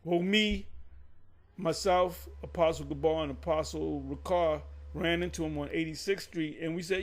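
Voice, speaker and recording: Teaching Scripture in a relaxed, wandering way, a man speaks at normal speed in a slightly high, steady voice. He keeps correcting himself and wandering off into digressions.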